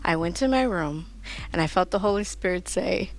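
A woman's voice: fairly low pitch, moderate pace. A young adult woman sharing a personal story as a podcast guest, acting out voices and dropping to a near-whisper at tender moments. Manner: animated, acts out quoted voices, drops to near-whisper.

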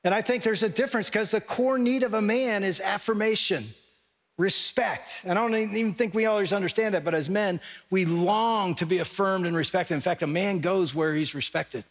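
A middle-aged male pastor preaching a sermon, telling lively stories and speaking straight to his congregation in a large church auditorium. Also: sits high, normal speed. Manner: animated storytelling, addressing the congregation directly. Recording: long reverb of a large hall.

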